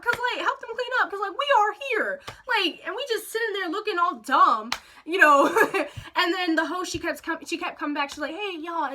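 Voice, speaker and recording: A young woman tells a storytime to her camera. Her voice sits high and bright. She talks in a chatty, animated way, full of "like" and quoted back-and-forth. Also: a little hiss or hum. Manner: chatty, animated retelling with lots of "like" and quoted dialogue. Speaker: vlogger. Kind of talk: casual storytime.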